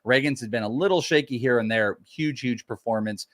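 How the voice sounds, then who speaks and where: A man's voice: medium pitch, fairly quick, no echo. Guy on a fantasy baseball live show, stressing the big numbers, super dry close sound. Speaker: co-host, prospect analyst.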